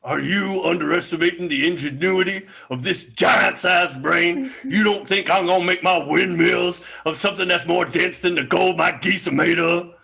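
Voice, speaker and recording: Man doing a slow booming gravelly giant. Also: pushed and bright, exaggerated voice. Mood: grumbling. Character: huge grumpy male giant who owns a mill. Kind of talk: improvised comedy scene.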